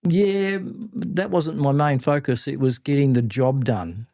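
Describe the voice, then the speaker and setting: Older Australian male mentor, warm-toned, animated raconteur, dry close sound. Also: mid-range voice, unhurried, no room sound. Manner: animated anecdotes, blunt and salty. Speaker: podcast guest, business mentor. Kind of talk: casual interview storytelling.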